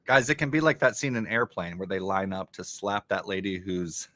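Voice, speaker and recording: A man's voice: on the low side, fairly quick, hardly any pauses, fairly bright tone, no room sound. A man hosting a live stream, reading crossword clues aloud and muttering his guesses as he solves. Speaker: livestream host solving a crossword. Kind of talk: casual live-stream puzzle solving.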